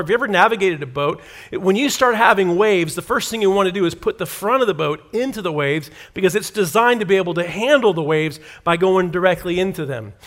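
A man preaching a sermon, telling a story in an animated way and acting out the quoted lines. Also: sits high. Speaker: pastor.

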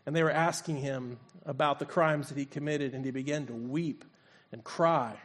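A man's voice: on the high side, steady tone, normal speed. A male pastor preaching a sermon, retelling a scripture story and acting out its voices. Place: church sanctuary.

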